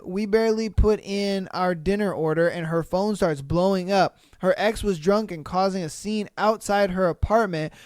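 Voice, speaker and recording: A man's voice: high voice, smooth, dry recording, clean studio sound. A man hosting a podcast, reading listener stories aloud and reacting with blunt, profane, exasperated commentary. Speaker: podcast host.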